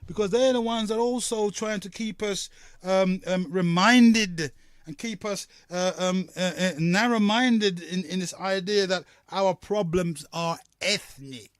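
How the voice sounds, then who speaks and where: A man from hosting a call-in radio talk show, rambling and halting with many fillers. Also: high voice, no room sound, studio quality.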